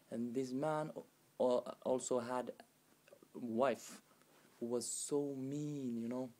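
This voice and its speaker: A man casually retelling a folk tale in broken, non-native English, halting with restarts and filler phrases. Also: medium pitch, darkish tone. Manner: halting, with many restarts and "you know" fillers. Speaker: storyteller.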